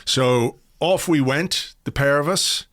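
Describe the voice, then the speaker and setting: A man's voice: a little high, slow pace, a bit bright, dry recording, studio quality. A middle-aged man hosting a podcast, chatting casually and telling stories with playful asides. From Ireland. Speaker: podcast host. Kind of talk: casual chat.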